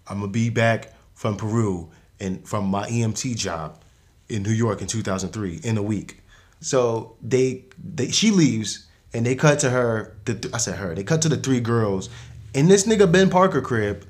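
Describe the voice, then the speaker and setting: A man's voice: lowish voice, moderate pace, darkish tone. A man hosting a podcast, recapping a movie in casual slang, rambling with frequent restarts and laughs. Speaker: podcast host.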